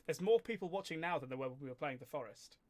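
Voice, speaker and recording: A man from Hampshire with a Southern English accent, hosting a relaxed livestream chat and playfully trying out voices. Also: quick pace, crowd noise. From Hampshire, England. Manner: playful, slips into comic accents and squeaky voices. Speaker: streamer host.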